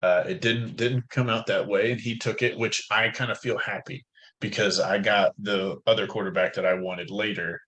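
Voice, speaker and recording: A man's voice: lowish voice, fairly even intonation, moderate pace, a bit bright, low-quality recording. A man talking through a fantasy football roster in a casual podcast chat, thinking aloud with frequent fillers. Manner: thoughtful, hedging with fillers.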